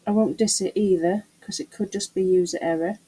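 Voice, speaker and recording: A woman's voice: medium pitch, fairly even intonation, a little fast, dark tone, husky, poor audio. A middle-aged woman chatting casually to camera while doing a resin craft, muttering to herself and teasing herself about her mess. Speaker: craft vlogger.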